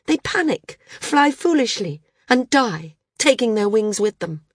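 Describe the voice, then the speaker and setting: A woman reads a seasoned female flyer arguing hard, her voice rising with urgency. The tone is slightly husky and the sound dry and close. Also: on the high side, sing-song, measured pace, dry recording. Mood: impassioned. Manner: impassioned, pleading.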